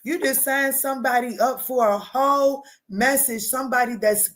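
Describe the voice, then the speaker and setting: A woman giving a live tarot reading, talking straight to her viewers in an animated, emphatic way, using pet names and casual swearing. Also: high voice, normal speed, slight background noise. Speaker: tarot reader answering live chat.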